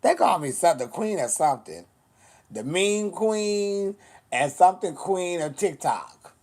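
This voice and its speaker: A man's voice: high-pitched, lively intonation, a little slow, a little mellow. A man chatting casually on a livestream, sassy and blunt, swearing a lot as he answers comments.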